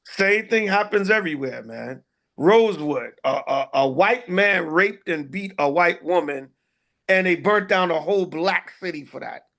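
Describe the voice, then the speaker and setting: A man's voice: sits high, expressive, a little slow, creaky, a bit bright. A man, an elder leading a class, telling stories in a casual way with many fillers and voiced dialogue.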